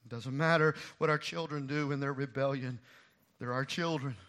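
A man preaching an expository sermon, going from hushed and low to loud and impassioned. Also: fairly even intonation, normal speed. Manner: swings from hushed to impassioned, rising loud when voicing David's grief. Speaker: pastor.

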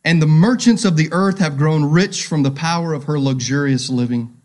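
Brief: male pastor, sermon delivery, somewhat high-pitched, emphatic, rises loud then drops to a hush. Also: moderate pace. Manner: emphatic, swings between loud and hushed; addresses listeners directly with questions. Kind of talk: sermon with scripture reading.

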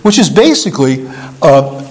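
A middle-aged man teaching in a conversational sermon, musing and halting with small chuckles. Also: on the high side, very animated, rough recording. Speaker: preacher.

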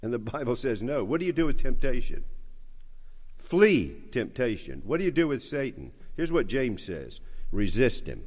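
A male preacher with a South Carolina accent delivering an emphatic sermon, building to forceful repeated declarations. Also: medium pitch, very animated, moderate pace. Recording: long hall reverb.

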